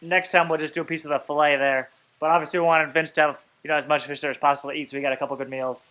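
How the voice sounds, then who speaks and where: Fast-talking man, casual chat. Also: fairly high pitch, flat delivery, pushed and bright. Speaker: fishing vlog host.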